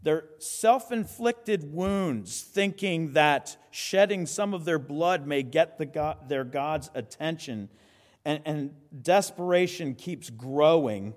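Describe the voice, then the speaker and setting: A male pastor delivers a sermon in a slightly high voice, animated and conversational. He keeps breaking into quick asides and restarting his sentences. His voice rings with the long reverb of a large hall.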